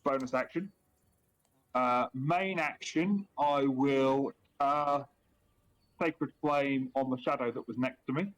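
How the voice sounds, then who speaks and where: A man's voice: mid-range voice, slow. A man with an Australian accent, a player at a tabletop game, talking plainly with a jokey edge. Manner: plain, matter-of-fact, jokey. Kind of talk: casual chat at a game table.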